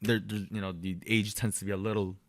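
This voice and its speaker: A man's voice: on the low side, fairly quick, dry recording. A young man co-hosting a podcast, telling a long story in casual chat, full of fillers and restarts, and acting out the people he quotes. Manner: animated, many fillers and restarts, acts out quotes. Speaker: podcast co-host.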